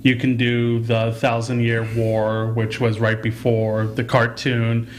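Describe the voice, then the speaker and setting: A man co-hosting a casual chat, excitedly recounting shows and games from his week. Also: medium pitch, slow, slight background noise. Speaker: podcast co-host.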